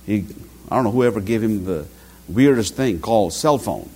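A man's voice: lowish voice, normal speed, slightly rough. A middle-aged man preaching a sermon, telling stories and acting out quotes. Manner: animated storytelling with acted quotes.

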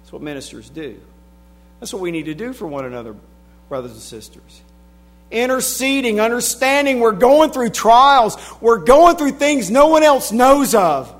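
Preacher, man, high voice, dynamic delivery from quiet to shouting, reads old-style scripture. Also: animated, normal speed. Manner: swings from hushed to shouting emphasis; reads scripture in King James wording. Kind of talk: sermon.

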